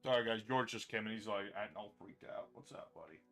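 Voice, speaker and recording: A man's voice: fairly low pitch, fairly even intonation, fast, fairly bright tone, faint music behind. A man streaming a card game live, chatting casually, thinking aloud about his moves and answering his chat. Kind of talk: casual livestream commentary.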